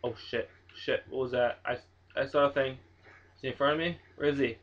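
Here a young gaming channel host narrates a horror game playthrough at a moderate pace and medium pitch. Nervous and easily startled, he curses often and lets out anxious laughs, all captured on a dull, lo-fi home microphone.

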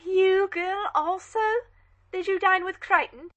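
A woman playing an imperious, sharp-tongued elderly aristocratic lady in an audio drama reading. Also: high-pitched, animated, moderate pace, lo-fi sound. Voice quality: commanding, cross-examining.

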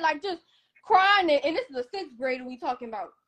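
A young woman telling a personal story on a live stream, animated and emphatic, acting out what others said. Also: very high-pitched, normal speed. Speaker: guest.

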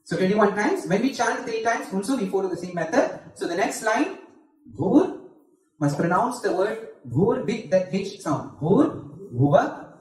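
A man with a Malaysian English accent giving a devotional talk, explaining patiently and chanting mantra lines slowly to demonstrate. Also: high-pitched, lively intonation. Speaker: spiritual teacher. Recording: echoey hall, voice from far off.

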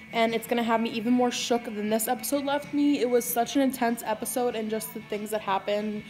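A young woman chatting to camera in a casual vlog, bubbly and gushing, giggling often. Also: a little high. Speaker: vlogger.

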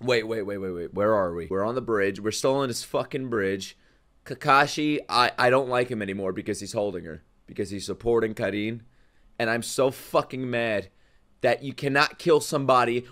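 A man reacting to an anime episode live, excitable and swearing a lot as he talks back at the screen. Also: mid-range voice, normal speed.

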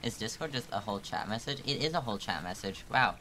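A man's voice: lowish voice, lively intonation, fast talker, pushed and bright, slight background noise. A man chatting casually to viewers on a live game stream, playful and teasing with mock-dramatic complaints.

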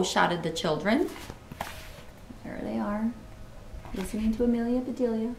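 A woman reading a children's book aloud, pausing to comment and ask listeners questions in an expressive way. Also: on the high side, creaky, slight background noise. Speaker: storybook reader. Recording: roomy echo.

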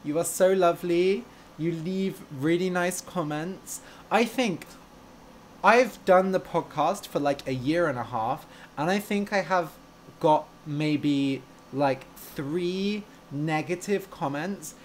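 A man's voice: a little high, slow pace, a little hiss or hum. A young man who teaches English and hosts a podcast. He chats casually with learners on a live stream, gushing and playful, and laughs easily.

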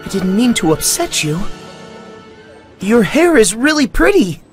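A woman's voice: on the high side, big pitch swings, a little slow, faint music behind. A woman voicing a friendly, curious young boy in a storybook, talking eagerly. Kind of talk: storybook voice acting.

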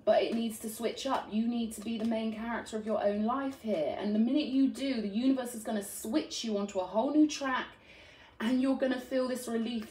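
A woman's voice: on the high side, a little mellow, slight background noise. A woman giving an earnest, affectionate tarot reading, often checking in with "right?". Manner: earnest and affectionate, frequent "right?" tag questions. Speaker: tarot reader. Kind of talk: spiritual tarot reading to camera. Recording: roomy echo.

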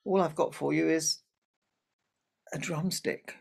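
A man voicing a patient, kindly village mother in a told family story, gentle and reassuring. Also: fairly high pitch, steady tone, slow pace, creaky, slightly rough, pitched above the performer's own voice, heavily acted.

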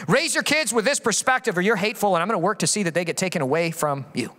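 A threatening male accuser snaps out demands in a shrill, raised voice, put on by a preaching man. The pitch sits high and tense, and the words ring through a reverberant hall. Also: expressive, quick pace, sharp tone. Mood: accusing. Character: hostile male accuser issuing ultimatums.

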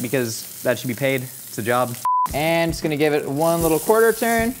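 A man's voice: a little high, a little fast, noisy background. A young man from Southern California with a Southern Californian accent, hosting a cooking show in a jokey, rambling, self-mocking way. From Orange County, California. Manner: goofy, rambling, self-mocking, laughs at his own puns. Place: studio kitchen.

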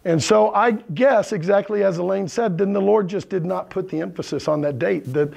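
A man's voice: sits high, moderate pace, gravelly, a little mellow. A male pastor preaching a conversational sermon to his congregation, often checking in with "right?" and "okay?". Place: church sanctuary with congregation.

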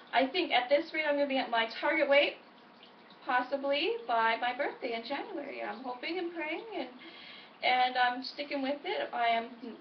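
A woman's voice: sits high, a little hiss or hum. A woman, chatting upbeat and encouraging in a casual vlog from home. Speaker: weight-loss vlogger. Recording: echoey, distant, dull home recording.

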